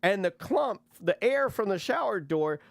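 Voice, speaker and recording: Loud-mouthed guy hosting a podcast, crude jokes, dry studio sound, bit high voice. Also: lively intonation, unhurried, gravelly, no echo. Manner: brash, crude joker. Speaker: podcast host. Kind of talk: casual podcast banter.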